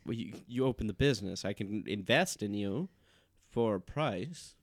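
A man's voice: lowish voice, animated, moderate pace, no room sound, studio quality. A man improvising a smug billionaire investor who drawls and teases with leading questions. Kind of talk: improv comedy.

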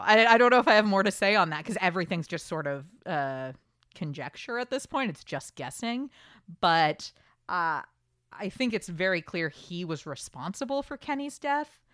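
A woman hosting a podcast, chatting casually and reading listener emails aloud with quick asides. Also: on the low side, fairly bright tone, clear, resonant tone, dry recording, clean studio sound. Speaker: podcast host.

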